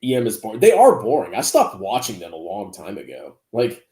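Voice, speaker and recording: Sarcastic guy in his 30s ranting, lowish voice, pitch all over the place, keeps laughing. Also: wildly swooping pitch, fairly quick, hardly any pauses, dark tone. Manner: sarcastic, mocking, laughs often. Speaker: finance YouTuber. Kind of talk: reaction commentary.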